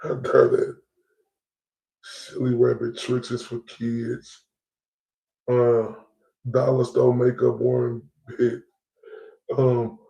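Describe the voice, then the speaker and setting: Livestream host, male, gravel in the voice, slow and rambling rant, echoey room. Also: mid-range voice, mellow. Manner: rambling, repeats himself, slangy and heated.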